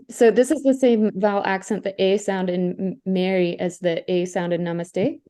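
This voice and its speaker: A woman's voice: medium pitch, fairly even intonation, unhurried, warm tone. A woman participating in a workshop, thinking aloud and checking her understanding as she asks questions.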